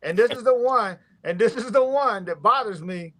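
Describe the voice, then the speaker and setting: A man's voice: sits high, moderate pace, fairly bright tone. A man judging on an online music show, talking in loose slangy banter and ranting with lots of restarts. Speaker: judge on a music competition show. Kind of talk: casual chat.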